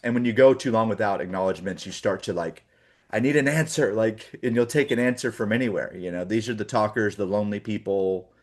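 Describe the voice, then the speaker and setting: A man's voice: on the low side, fairly quick, few pauses. A man in his forties giving a casual morning training talk to sales agents, full of fillers and acted-out call examples.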